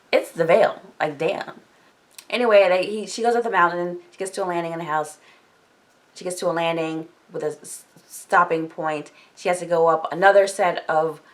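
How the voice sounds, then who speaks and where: A woman vlogger retells a novel in a loose, chatty way. She leans on filler words as she goes, and her voice sits a little low. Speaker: book discussion vlogger. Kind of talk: casual book recap.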